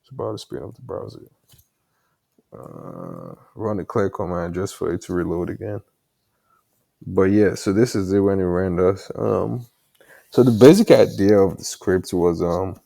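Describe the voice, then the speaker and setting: A man's voice: low-pitched, fairly even intonation, measured pace, vocal fry, warm tone. A man with an African accent, rambling casually to himself while coding late at night, with many fillers and mild cursing, his headset mic sitting far from his mouth. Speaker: developer vlogger. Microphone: headset mic held far from mouth.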